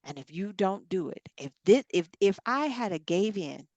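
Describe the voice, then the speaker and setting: A woman's voice: medium pitch, expressive, normal speed, a little mellow, dry recording, highs cut off. A woman hosting a ministry talk, animatedly acting out scripture scenes as she speaks. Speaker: ministry podcast host. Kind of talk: faith talk.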